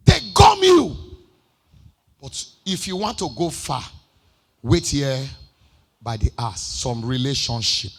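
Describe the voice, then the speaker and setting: A man with a Nigerian accent preaching a sermon as pastor. He swings between chanted, shouted lines and quiet asides. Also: medium pitch, very animated, slow, pauses often, breathy edge. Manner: shouts and sings phrases, then drops to quiet asides.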